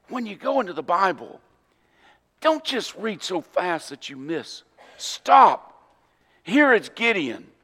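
A man preaching a sermon, animated storytelling that acts out scenes and quotes scripture. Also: sits high. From Florida. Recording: long hall reverb.

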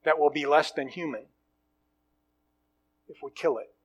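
A male preacher giving a slow, earnest, emphatic sermon. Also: a little high, highs cut off. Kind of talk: sermon with story reading.

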